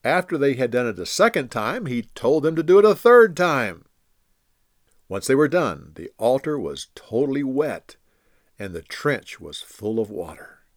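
A man narrating a Bible story in a deliberate, expressive storytelling voice. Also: mid-range voice, no echo, studio quality. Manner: expressive, deliberate, acts out quotes.

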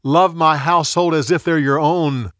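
A man's voice: a little high, fairly even intonation, moderate pace, a bit bright, dry recording, studio quality, natural voice. A man voicing a loyal young prince, speaking earnestly and with urgency while telling a story. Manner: earnest, pleading.

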